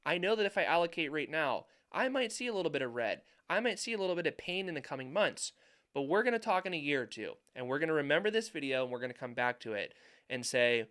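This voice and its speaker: Male finance YouTuber, young adult, smooth clear voice pitched a bit high, emphatic commentary style. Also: animated, fast talker, a bit bright. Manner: emphatic, repeats points for stress. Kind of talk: market commentary over charts.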